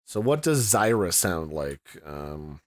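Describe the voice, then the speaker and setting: A man's voice: deep voice, big pitch swings, slow. Casual man walking through a tutorial. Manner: rambling, conversational, thinks aloud with fillers. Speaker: tutorial host. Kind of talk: casual screen-recorded tutorial.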